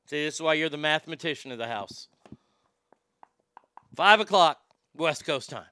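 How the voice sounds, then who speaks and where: A man's voice: a little high, lively intonation, moderate pace, long pauses, sharp tone, clear, resonant tone, dry recording. A man with a Southern accent hosting a casual talk show, rambling, joking and swearing. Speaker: radio show host.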